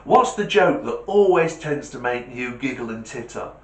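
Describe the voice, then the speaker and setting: A man, hosting a comedy channel and telling jokes in an animated, punchy way. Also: medium pitch, normal speed. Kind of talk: joke telling. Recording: echoey room.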